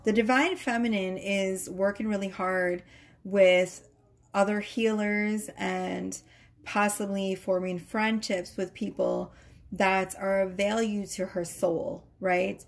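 A woman's voice: mid-range voice, darkish tone. Chatty woman doing a tarot reading. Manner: chatty, many fillers and tag questions. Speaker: tarot reader. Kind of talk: casual tarot reading to camera. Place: home workroom.

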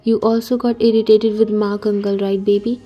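A woman's voice: mid-range voice, flat delivery, normal speed, lo-fi sound, faint music behind, close to an everyday voice. A woman reading the part of an affectionate young husband who runs a company, in a read-aloud story. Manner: soft, affectionate.

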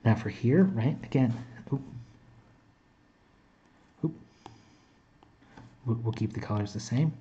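A man's voice: medium pitch, takes it slowly, pauses often, warm tone, dull audio. A man teaching a recorded chemistry lecture in a conversational way, with frequent fillers and restarts. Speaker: chemistry instructor.

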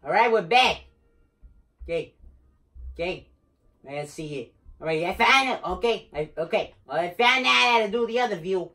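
A gamer doing excitable, joking let's play commentary, talking to themself while playing and screaming now and then. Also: medium pitch, moderate pace, pauses often. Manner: excitable, jokey, talks to himself while playing.

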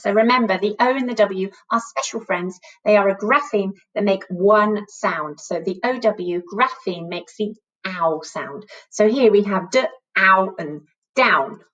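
A woman teaching a phonics lesson to young children, animated and sing-song, praising them often. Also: fairly low pitch, recorded from a distance, muffled recording. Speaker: primary school teacher.

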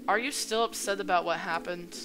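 A woman reading the lines of a soft-spoken young male love interest in a calm, reassuring way, over game music. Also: lowish voice, fairly quick, close to an everyday voice. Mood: tender.

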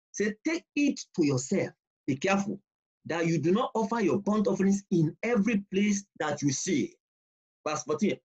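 Guy teaching bible study, husky voice, pitch jumps all over, kinda muffled lo-fi audio. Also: a little mellow. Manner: emphatic, repeats key points, reads scripture slowly. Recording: dull lo-fi recording.

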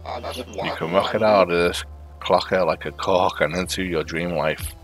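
A man reading aloud the lines of a fatherly, sentimental old fight coach in a video game, in a flat, plain voice. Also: deep voice, unhurried, soft background music.

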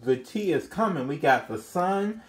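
A man reads tarot cards for his viewers in a loose, chatty way. He exclaims often and lets out sudden high-pitched squeals between calmer stretches. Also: a little slow, soft background music. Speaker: tarot reader. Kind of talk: casual tarot reading to viewers.

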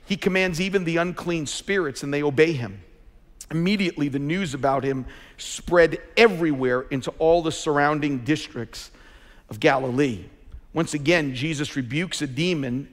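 A man preaching a sermon, his voice sitting a little higher than most men's. He is emphatic and pushes louder when he drives a point home. The sound carries the long reverb of a large church sanctuary. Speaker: pastor.

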